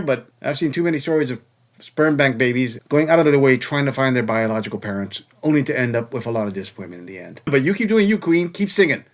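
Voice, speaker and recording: A man hosting a reaction commentary channel, talking in a sarcastic, mocking way. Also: mid-range voice.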